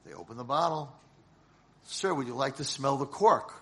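A man giving a sermon as a rabbi, telling a story dramatically and swinging from hushed lines to shouted ones. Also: mid-range voice, lively intonation, moderate pace.

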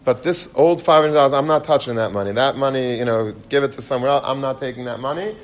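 A man's voice: mid-range voice, fast, lightly acted. A man playing a firm, pious rabbi.

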